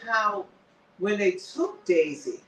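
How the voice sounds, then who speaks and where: A man with a notably high voice hosts a casual recap of a TV episode, talking in an animated way. He acts out bits of dialogue as he retells the scenes. He is recorded in an echoey room, some way back from the mic. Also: slow pace, recorded from a distance, slight background noise. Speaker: show host.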